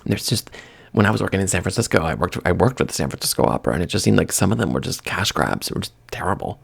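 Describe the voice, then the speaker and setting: A man's voice: deep voice, animated, fast talker, creaky, slightly rough. A man ranting in a casual, exasperated monologue. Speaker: vlogger.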